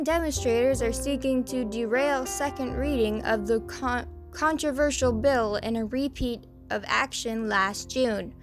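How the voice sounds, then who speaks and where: Brief: Southern woman, unhurried, fairly high, sarcastic news host, faint music under. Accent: American Southern, slipping in. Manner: stumbles over names, sarcastic asides. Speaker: podcast host reading news. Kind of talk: casual news commentary.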